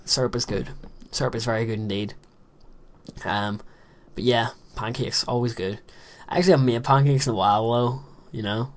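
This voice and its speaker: This gaming commentator is a young man in his late teens, recording in a cramped closet space. His medium-pitched voice stays fairly even in intonation at a moderate pace as he rambles and pokes fun at himself during casual play-by-play of his game.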